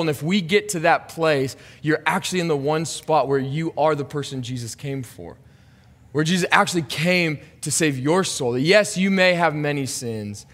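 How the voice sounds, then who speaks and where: A man's voice: fairly high pitch, fairly bright tone. A man in his thirties, a pastor preaching an earnest, confessional sermon that builds to urgent emphasis. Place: church sanctuary. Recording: long hall reverb.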